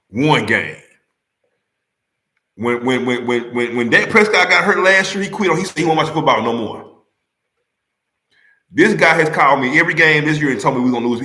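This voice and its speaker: A man hosting a live stream, teasing and badgering a caller about football, repeating his questions and laughing loudly. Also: mid-range voice, echoey room. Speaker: livestream host.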